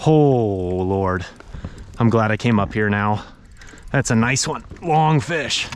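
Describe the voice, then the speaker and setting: Excitable young man fishing outdoors. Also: on the low side, takes it slowly, a little hiss or hum. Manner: excitable, talks to the fish, lively exclamations. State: tired from paddling. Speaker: fishing vlogger. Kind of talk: casual narration while fishing. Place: outdoors on a river, in a kayak and wading.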